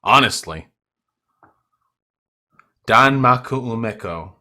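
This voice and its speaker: A man's voice: medium pitch, expressive, slow pace, bright, forceful tone. A young man hosting a livestream, ranting at his chat in a profane, combative and mocking way. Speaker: livestream host.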